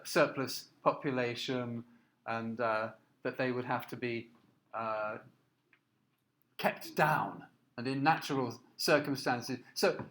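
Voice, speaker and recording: A man giving a recorded lecture, explaining slides in a halting way with many fillers and restarts. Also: mid-range voice, fairly bright tone. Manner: explanatory, asks listeners to look at slides.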